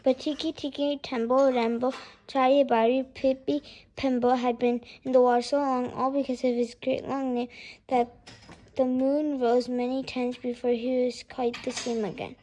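A woman reading a children's storybook aloud, in an expressive and lilting way. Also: sits high, normal speed.

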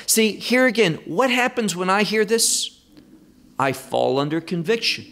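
A man teaching verse by verse through a Bible passage, slow and emphatic, stressing key words. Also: high-pitched, big pitch swings, fairly bright tone.

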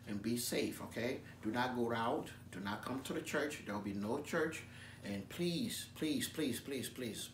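A man playing a calm, earnest American pastor in a comedy sketch, speaking softly and slowly to his congregation. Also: mid-range voice, a little hiss or hum, natural voice. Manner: soft-spoken, slow, earnest. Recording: echoey room from a distance.

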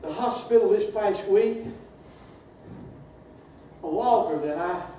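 An older man, a pastor preaching a sermon with impassioned, sing-song delivery that rises into shouts. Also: high voice, slow. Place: church sanctuary. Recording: very echoey church, far from mic, faint hiss.

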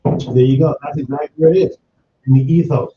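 A man in a radio studio with a laid-back, easygoing way of talking, laughing often and musing out loud. His voice sits at an ordinary pitch. It carries a roomy echo, and the recording is slightly muffled under a faint hiss. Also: steady tone, brisk. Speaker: radio show host. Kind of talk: casual morning radio banter.

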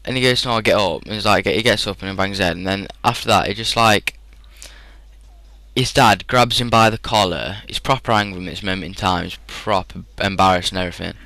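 A man's voice: low-pitched, steady tone, brisk, creaky, bright, forceful tone, dry recording, low-quality recording. A young man in his teens with a British English accent, chatting rambly and casually as a gaming commentator, full of fillers. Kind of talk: casual storytelling over gameplay.

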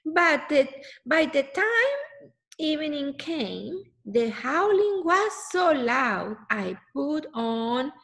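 A woman's voice: sits high, sing-song, extremely slow, a bit bright. A woman reading a picture book aloud to children, exclaiming often and stopping to ask the listener questions.

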